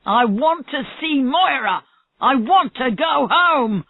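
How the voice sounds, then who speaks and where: Stubborn male murder suspect under questioning, read by a woman; slow, low-ish, dry tinny audio. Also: expressive, no room sound. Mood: defensive. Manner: stubborn denials, rising to angry shouts. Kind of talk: reading a graded story aloud.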